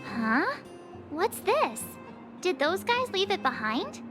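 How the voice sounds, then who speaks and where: A young woman voicing an upbeat, curious adventurer in a video game, reacting with bubbly excitement. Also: very high voice, takes it slowly, music in the background, heavily acted.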